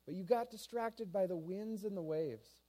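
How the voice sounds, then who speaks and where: A man's voice: high voice, moderate pace, mellow, pitched above the performer's own voice. A man voicing a kind, encouraging male teacher figure in a retold scripture story.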